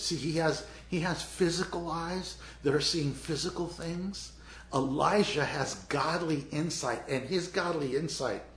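A man preaching a sermon as pastor in a chatty, animated way, acting out scenes as he goes. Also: medium pitch, reverberant, a little hiss or hum. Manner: animated, conversational, acts out scenes.

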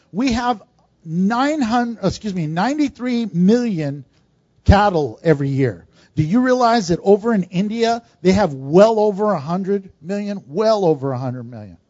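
A pastor with a high-pitched, darkish voice preaches a sermon to his congregation conversationally, slipping in asides and jokes. The recording is dull and dry.

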